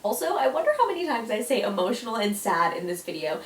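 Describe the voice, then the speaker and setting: A woman's voice: a little high, very animated, fast, a little hiss or hum. A young woman vlogging a casual countdown, gushing and emotional, full of "like" and "oh my gosh.". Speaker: YouTuber. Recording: echoey room, mic at a distance.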